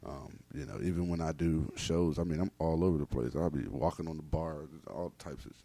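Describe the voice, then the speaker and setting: A man guesting on a podcast as a battle rapper, talking in a relaxed, filler-heavy way. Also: a bass voice, fairly quick, creaky, dry recording. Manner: laid-back, filler-heavy talk. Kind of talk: casual podcast interview.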